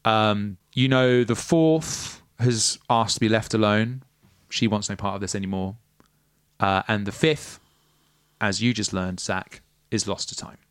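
A man's voice: fairly low pitch, smooth. Man narrating as game master. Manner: descriptive, measured narration. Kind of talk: narrating a tabletop game podcast.

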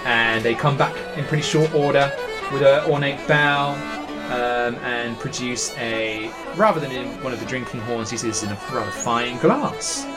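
A man's voice: mid-range voice, normal speed. A man narrating as game master of a tabletop game, rambling with many fillers. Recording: music playing behind.

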